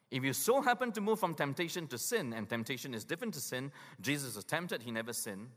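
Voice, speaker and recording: A male pastor preaching a sermon with emphatic urgency, dropping to hushed lows for weight. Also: sing-song, a little fast. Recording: long hall reverb.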